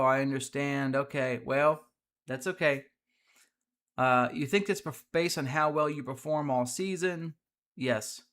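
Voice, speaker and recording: A man's voice: on the high side, fairly bright tone. Chatty male game streamer talking strategy. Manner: chatty, reads out viewer messages, frequent fillers. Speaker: livestream host. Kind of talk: casual gameplay commentary.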